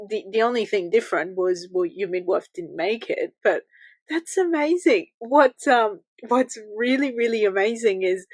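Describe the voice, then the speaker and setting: A woman's voice: mid-range voice, no room sound. A woman with an Australian accent hosting a podcast interview, supportive, with short affirmations. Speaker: podcast host, doula. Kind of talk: casual interview chat.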